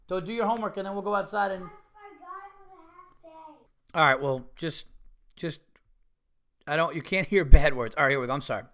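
A man's voice: on the high side, normal speed, vocal fry, pauses often, bright, forceful tone. A middle-aged man hosting a podcast, ranting in a profane, repetitive, emphatic way. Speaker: podcast host. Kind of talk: casual solo podcast rant.

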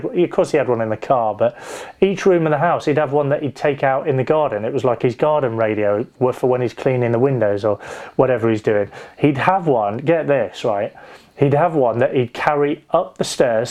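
A man's voice: medium pitch, a little mellow. A man preaching a sermon in a conversational, digressive storytelling way, with frequent restarts. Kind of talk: sermon with personal anecdote.

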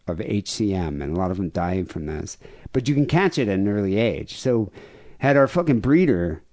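Man, low voice, grieving, profane, rambling, casual podcast chat. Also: a little mellow. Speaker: podcast co-host.

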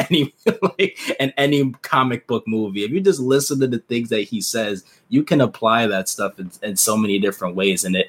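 A man co-hosting a casual movie podcast, talking in an animated, slangy way. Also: medium pitch. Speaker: podcast co-host.

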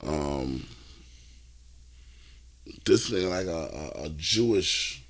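A man co-hosting a casual podcast chat, talking in slang, halting and repeating himself. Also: a bass voice, expressive, a bit bright. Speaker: podcast co-host.

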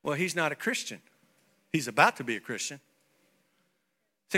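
A male pastor preaching a sermon, swinging from soft playful asides to shouted declarations. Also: on the high side, big pitch swings, moderate pace.

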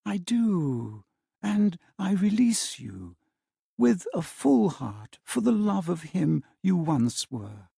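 A man voicing a soft-spoken, sorrowful young woman. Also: sits high, very animated, slow, gravelly, breathy edge, no echo, clean studio sound, pitched above the performer's own voice, full character voice. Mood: sorrowful, gentle. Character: gentle young woman ending her engagement. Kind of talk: dramatic reading of a classic novel.

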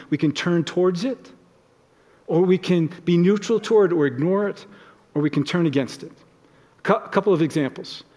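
A man's voice: on the high side, darkish tone, big-room sound. A man preaching a sermon as a pastor in his church, talking conversationally and acting out short everyday exchanges. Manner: conversational, acts out little example dialogues.

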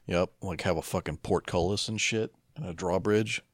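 A man co-hosting a podcast in casual chat, laid-back and profane with deadpan asides. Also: low voice, moderate pace, dry recording, studio quality. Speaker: podcast co-host.

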